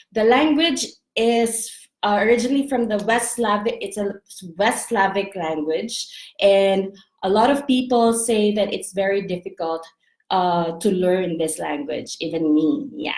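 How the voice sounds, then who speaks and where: Slow-talking Filipino woman in an echoey room. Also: medium pitch. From Philippines. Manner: chatty, laughs often, many fillers and restarts. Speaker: vlogger. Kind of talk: casual explainer vlog.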